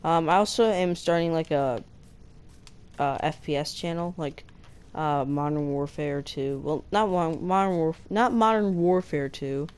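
A woman hosting a gaming channel, chatting casually as she plays, breaking into excited squeals and slowly sounding out foreign words. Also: deep voice, clean tone. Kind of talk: casual gameplay commentary.

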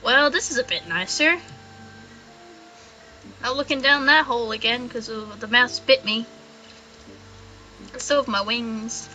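A woman's voice: fairly high pitch, unhurried, long pauses, sharp tone, rough recording. Young woman playing a game, chatty and giggly, swears a lot, game music faint underneath. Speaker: gaming channel host. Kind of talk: let's play commentary.

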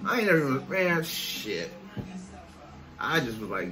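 A man's voice: mid-range voice, sing-song, unhurried, pauses often, pushed and bright, soft background music. A man vlogging a profane, blunt rant, scornful and heavy on cursing.

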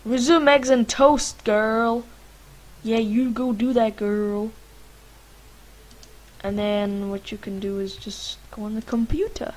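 A woman's voice: a little high, fairly even intonation, slow, pauses often, a little mellow, low-quality recording. Chatty young woman rambling over a game. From Lithuania. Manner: rambling and chatty, talking to her game characters with many fillers. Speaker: gaming vlogger. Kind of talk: casual let's-play commentary.

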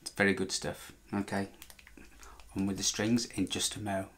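A man with a lowish voice chats away while he works on a guitar. He rambles, backtracks and corrects himself mid-sentence, and drops in dry asides. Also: flat delivery, moderate pace, fairly bright tone, slight background noise. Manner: chatty, meandering, self-correcting, dry joking. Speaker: vlogger restoring a guitar. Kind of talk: casual talk while working.

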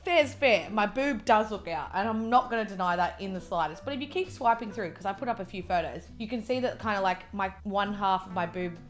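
A woman's voice: medium pitch, lively intonation, brisk, hardly any pauses, faint music behind. Chatty young Australian woman vlogging. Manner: chatty, peppered with "like", gets heated and ranty. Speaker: mukbang vlogger. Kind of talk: casual chat while eating.

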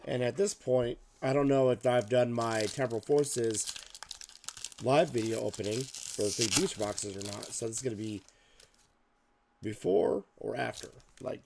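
A man hosting a card-opening video, reading card names aloud in a list with casual muttered asides, slightly hoarse and clearing his throat. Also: mid-range voice, normal speed, darkish tone, a little hiss or hum. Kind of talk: casual pack-opening commentary.

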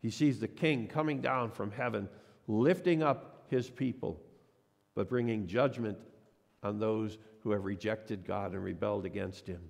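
A man's voice: on the low side, a little slow, creaky, darkish tone. A man preaching a sermon as a pastor, telling a personal story and acting out the voices of the people in it. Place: church sanctuary. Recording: long church reverb.

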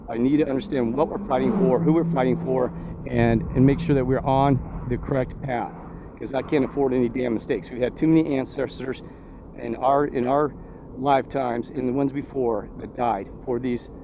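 A man vlogging outdoors near a road, indignant and preachy, firing off rhetorical questions. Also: medium pitch. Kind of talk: agitated street vlog monologue. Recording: dull lo-fi phone audio, faint traffic.

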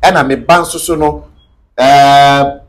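A man's voice: medium pitch, fairly even intonation, slow. A man with a Ghanaian accent, speaking as an interview guest in an emphatic, preachy way and mixing Twi and English. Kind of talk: animated interview talk.

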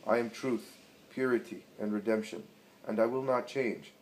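Jesus speaks in a low, solemn, forceful voice, a commanding teacher in a storybook reading. He declaims every line with grave authority, a man reading him out. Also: normal speed, close to an everyday voice, low-quality recording. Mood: stern.

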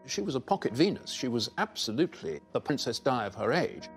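A man commenting in an interview, telling stories in a lively way. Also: medium pitch, a little fast, vocal fry, soft background music.

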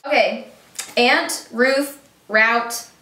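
A woman's voice: fairly high pitch, drawn-out words, bright, forceful tone, far from the mic. A young woman guest chatting casually and playfully, laughing often. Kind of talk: casual chat. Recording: echoey room.

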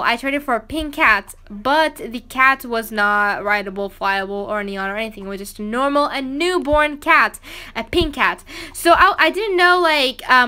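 Young woman, high bright voice, rambly storytime w lots of um and like. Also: clear, resonant tone. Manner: rambling, many fillers and restarts, acts out quotes. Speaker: gaming vlogger. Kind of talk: casual storytime narration.

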